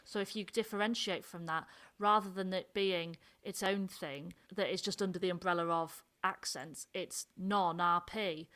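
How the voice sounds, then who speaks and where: A woman from North Yorkshire with a Yorkshire accent, talking in a casual, animated discussion. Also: fairly low pitch, a little slow, few pauses. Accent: Northern English, Yorkshire. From North Yorkshire, England.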